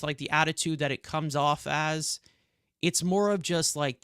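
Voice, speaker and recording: On a sports podcast, a male co-host with a New York accent lets off steam, ranting and cursing in heated reaction. He's on the high side, a bit bright, clear and resonant. The recording is dry and studio-clean.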